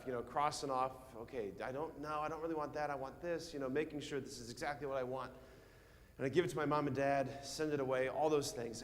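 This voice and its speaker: A male priest giving a homily to schoolchildren, telling a childhood story in an animated way and asking them questions. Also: mid-range voice. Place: church. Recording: long church reverb.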